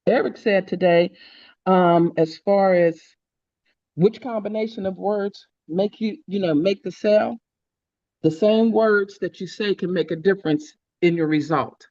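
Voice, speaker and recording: Measured woman on a dry, muffled call. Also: mid-range voice, warm tone, no echo. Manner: measured, with frequent pauses and ums. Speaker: call participant. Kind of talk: sharing reflections on a call.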